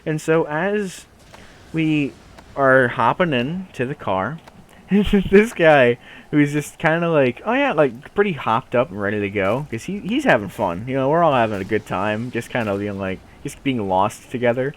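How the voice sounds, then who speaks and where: A young man casually telling a funny story on a podcast, in an animated way with lots of laughing and fillers. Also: mid-range voice, normal speed. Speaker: podcast co-host.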